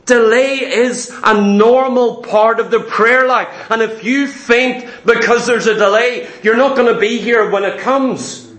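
A man's voice: very high voice, unhurried, hardly any pauses, fairly bright tone, roomy sound. A man preaching a sermon, emphatic and vivid, repeating his key points and telling stories.

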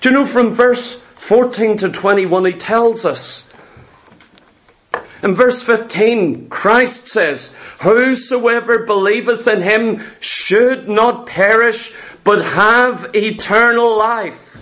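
A man preaching a sermon in an animated, conversational way, repeating himself, dropping quick asides and drawing out his points. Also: high voice.

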